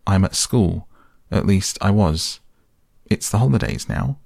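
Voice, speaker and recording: A man's voice: low voice, expressive, a little slow, creaky, a little mellow, no room sound, clean studio sound, exaggerated voice. A man voicing an awkward, nervous schoolboy who stammers meekly. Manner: stammering, meek.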